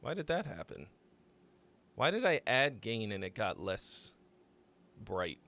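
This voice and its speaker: Brief: young male streamer, unhurried, bouncy intonation, casual and profane. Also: on the low side, sing-song, fairly bright tone. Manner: loose, rambling, swears freely. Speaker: streamer hosting song critiques. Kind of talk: casual live-stream chat.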